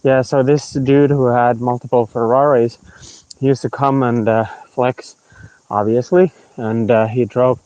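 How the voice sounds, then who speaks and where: A man's voice: medium pitch, steady tone, unhurried, a little mellow, no room sound. A man telling a long anecdote, meandering with many fillers and restarts. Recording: dull, dry lo-fi line.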